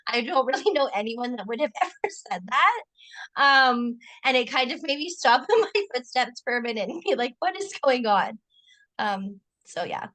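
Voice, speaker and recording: A woman with a bright, forceful voice that sits a bit high for a woman. She talks casually and tells stories with plenty of "like" and "right?", checking in with her listener as she goes. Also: expressive, normal speed. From Canada. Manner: chatty, storytelling, frequent 'like' and 'right?'. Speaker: co-host asking questions. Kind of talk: casual conversation.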